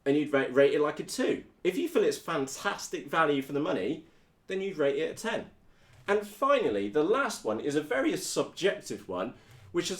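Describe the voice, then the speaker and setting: British guy on a live stream, blunt and slangy, voice goes up and down a lot, echoey room. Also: a little high. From United Kingdom. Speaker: RC hobby video host. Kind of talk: casual live-stream chat.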